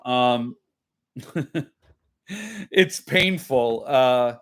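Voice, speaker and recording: A man's voice: mid-range voice, lively intonation, very slow. A man hosting a casual live-stream chat with viewers, rambling and self-mocking, laughing often. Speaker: host.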